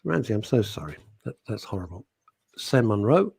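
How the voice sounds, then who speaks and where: A middle-aged man co-hosting a radio show, reading listener messages in a heartfelt, halting way that trails off softly. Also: on the low side, sing-song, gravelly, slightly rough, dry recording. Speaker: radio co-host. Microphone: studio microphone.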